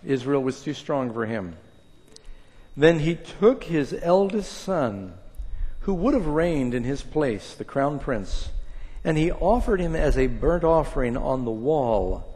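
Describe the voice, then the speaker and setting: A man preaching a sermon and reading scripture aloud, with an emphatic delivery that swings between hushed and loud. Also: a little high, lively intonation, slow pace. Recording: long reverb of a large hall.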